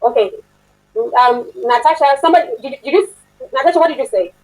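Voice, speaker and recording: Woman instructor, slightly high voice, chatty online class lecture, quizzes her students. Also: a little fast, a little mellow, poor audio. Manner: chatty, laughs often, asks the class questions. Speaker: workshop instructor.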